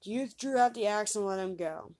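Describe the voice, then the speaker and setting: A woman reading an old fairy tale aloud, lifting her pitch and volume for the characters' lines. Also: fairly quick. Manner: lively reader raising pitch and volume for quoted voices. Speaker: storyteller.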